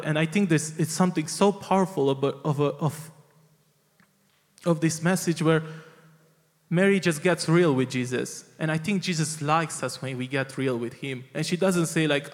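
A man's voice: a little high, normal speed, in a large hall. A man preaching a sermon in an earnest, heartfelt way, often restarting his phrases.

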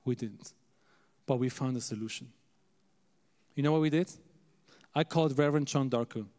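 A male preacher telling a story in an animated sermon, calling out to the audience for amens. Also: medium pitch, moderate pace. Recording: echoey hall.

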